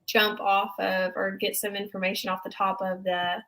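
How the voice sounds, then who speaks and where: Young woman co-host, bright and excitable, casual recap chat. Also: medium pitch, moderate pace, poor audio. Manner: excitable, animated, chatty. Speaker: podcast co-host.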